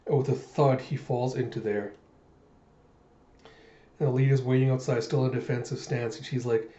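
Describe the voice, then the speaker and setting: A man hosting a manga readthrough, retelling the story in an animated, casual way with spoken sound effects. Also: mid-range voice. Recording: echoey room, dull lo-fi sound.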